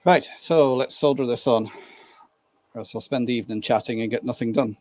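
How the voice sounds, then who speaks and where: A man's voice: mid-range voice, fairly quick, no echo. A man from Ireland hosting a casual live stream, chatting and laughing with viewers while he works on a model train. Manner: chatty, laughs easily, greets viewers by name.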